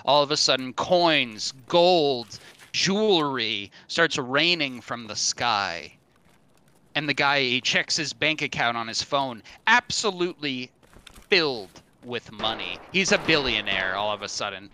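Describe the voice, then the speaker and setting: A man's voice: mid-range voice, lively intonation, a little slow, sharp tone, smooth. A man streaming a game, telling a long joke in a rambling way with lots of fillers. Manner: rambling storyteller with many fillers.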